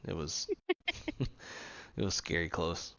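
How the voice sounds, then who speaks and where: A man's voice: deep voice, big pitch swings, slow pace, vocal fry, sharp tone, muffled recording. Profane, laughing man streaming a flight sim. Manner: loose, profane, laughs often. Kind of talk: casual gaming chat.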